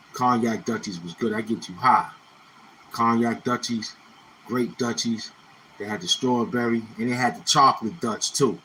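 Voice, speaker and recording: A man's voice: mid-range voice, pushed and bright, a little hiss or hum, low-quality recording. A man telling rambling, slang-heavy stories from his youth in a casual monologue, repeating phrases as he reminisces. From Brownsville, Brooklyn, New York. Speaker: YouTuber.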